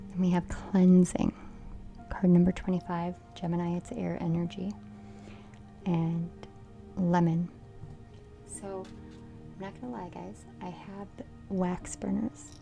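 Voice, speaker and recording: A middle-aged woman doing a casual card reading, playful and giggly, often dropping into a soft whisper. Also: lowish voice, level tone, slow, gravelly, pauses often, faint music behind. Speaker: tarot reader.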